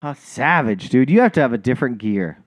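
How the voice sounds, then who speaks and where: A man's voice: medium pitch, lively intonation, brisk, no room sound, clean studio sound. A man co-hosting a podcast, telling rambling, profane, self-mocking stories in casual chat. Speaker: podcast co-host.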